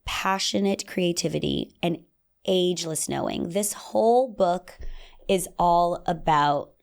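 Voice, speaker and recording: A young adult woman talks through a solo podcast episode in a lower-pitched voice. She stays casual and animated, and now and then slips into playful voices to act out little scenes. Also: vocal fry. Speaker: podcast host.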